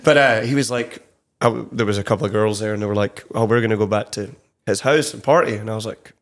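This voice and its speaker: Talking fast in a lowish voice, a young man with a Scottish accent rambles through a casual interview, peppering it with fillers. He's a country songwriter appearing as a guest on a podcast recorded in a studio.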